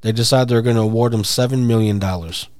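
A man in easy, casual conversation, his voice at an ordinary middle pitch and recorded dry. He tells stories in a laid-back way, swearing freely. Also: steady tone, fast talker, darkish tone, dry recording. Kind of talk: casual chat.

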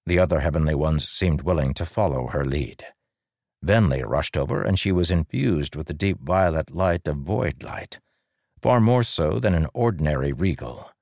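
A man doing scripted narration of an audiobook in a steady, unhurried way. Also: a bass voice, gravelly, no echo.

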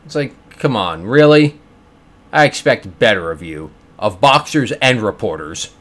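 A man hosting a podcast, giving sarcastic, animated commentary with quick character bits. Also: on the low side. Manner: sarcastic, animated, does voices. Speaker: podcast host. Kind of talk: casual commentary.

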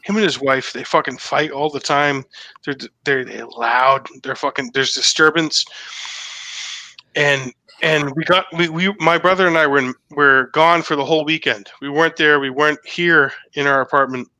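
Animated man, slightly high voice, bright and edgy, swears a lot. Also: normal speed, no room sound. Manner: excited, profane, repeats himself. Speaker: guest telling a story. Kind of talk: casual podcast chat.

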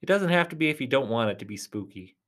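A man hosting a casual solo podcast, rambling and chatty, talking straight to his listeners in a reassuring way, often dropping to soft near-whispers. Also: medium pitch, animated, fast talker. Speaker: podcast host.

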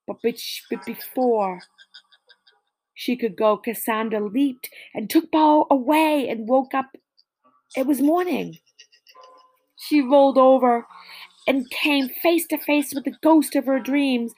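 A woman reading a spooky story aloud in a slow, deliberate way, with small slips and restarts. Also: a little high, a little mellow. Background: faint music.

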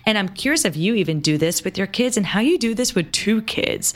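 A woman's voice: medium pitch, fairly quick. A woman in her thirties co-hosting a parenting podcast in a casual, chatty way, full of "like" and "you know.". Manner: chatty, animated, lots of "like" and "you know" fillers. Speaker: podcast co-host.

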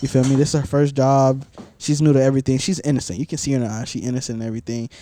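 A young man with a dark, mellow voice tells a rambling story among friends, full of "like" and "basically". The sound is dry and close. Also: mid-range voice, level tone, racing, dry recording. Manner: rambling storytelling with many fillers. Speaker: podcast storyteller. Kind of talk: casual chat.

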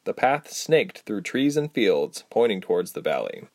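Expressive man narrating a storybook. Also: on the low side, a little slow, dry recording, studio quality. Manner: expressive, acts out each character.

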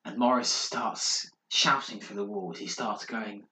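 A man on a podcast telling a ghost story in a dramatic, hushed way, building suspense. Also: on the low side, unhurried, hardly any pauses. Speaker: podcast co-host. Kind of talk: casual storytelling. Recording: roomy echo.

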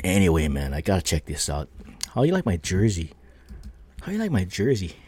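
Mellow-voiced man telling a rambling story. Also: sits low, huge pitch swings, fairly quick, breathy edge. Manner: rambling, full of fillers and tag questions; laughs between lines. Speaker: podcast host. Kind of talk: casual storytelling.

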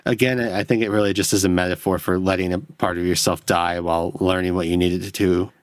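A man's voice: low voice, little pitch movement, quick pace, hardly any pauses, dry recording, studio quality. Tipsy, rambling male podcast host. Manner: rambling, self-deprecating. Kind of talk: solo film-review podcast. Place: home, alone in a chair at night. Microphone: studio mic close up.

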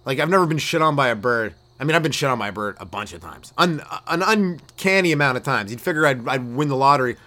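Guy comic rambling thru old jokes on his podcast, pitch all over the place, keeps going "right?" and laughing at himself. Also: fast talker, few pauses. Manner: animated, jumps into loud put-on voices for bits; frequent "right?" and "you know" asides, laughs at own jokes. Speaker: stand-up comedian hosting a podcast. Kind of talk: rambling solo comedy riff.

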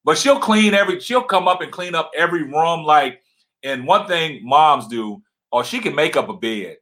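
Deep-voiced guy hosting a livestream from home, loud and boisterous, bright and forceful sound. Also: lively intonation, normal speed. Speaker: livestream co-host. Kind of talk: casual livestream chat.

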